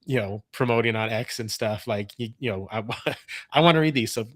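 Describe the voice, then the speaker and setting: A man's voice: mid-range voice, fairly quick, no room sound. A man hosting a podcast in casual chat, easygoing and supportive, talking over a video call from home. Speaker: podcast host.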